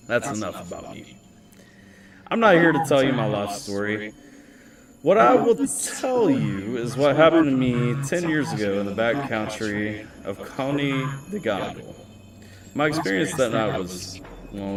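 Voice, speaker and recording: A man reading a scary story aloud on a livestream, chatty and breaking off to talk to his viewers. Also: fairly low pitch. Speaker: streamer. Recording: roomy echo, distant mic, music behind.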